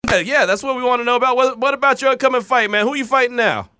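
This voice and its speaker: A man's voice: extremely high pitch, racing, pushed and bright, clean tone, dry recording, clean studio sound. A man hosting a talk show, bantering and joking playfully with his guests. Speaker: radio show host. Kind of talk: casual chat.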